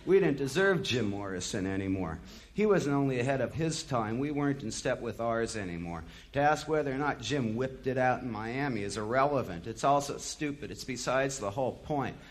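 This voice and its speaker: A man's voice: mid-range voice, animated, moderate pace. Male storyteller, mid-range voice; bitter, profane, impassioned first-person monologue.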